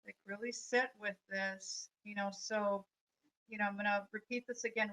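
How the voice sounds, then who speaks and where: A woman's voice: mid-range voice, steady tone, moderate pace, a bit bright, rough recording. A woman life coach giving a live, earnest spiritual talk, reflective and full of fillers. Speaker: life coach and energy healer.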